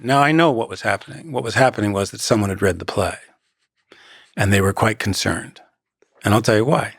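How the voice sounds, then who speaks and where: A man's voice: lowish voice, brisk, gravelly, dry recording, clean studio sound. A man in his sixties, a guest actor in a conversational interview, reflective and given to anecdotes.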